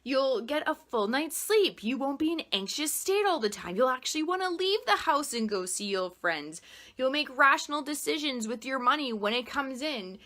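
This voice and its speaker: A woman explaining meditation in a casual, gushing way, swearing freely and saying "like" a lot, then dropping soft and quiet to count a guided breathing exercise. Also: high voice. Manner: drops soft and quiet when guiding the breaths. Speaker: meditation teacher.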